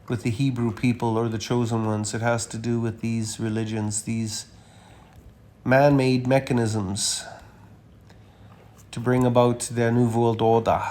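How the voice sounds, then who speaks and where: A man giving a rambling, emphatic monologue while walking through a slideshow of images, with frequent uh fillers and sudden loud stresses. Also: medium pitch. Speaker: commentator presenting images.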